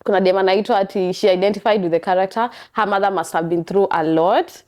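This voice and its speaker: A woman's voice: medium pitch, quick pace. Chatty young Kenyan woman. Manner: chatty, expressive, animated storytelling. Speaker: podcast host. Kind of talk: casual monologue.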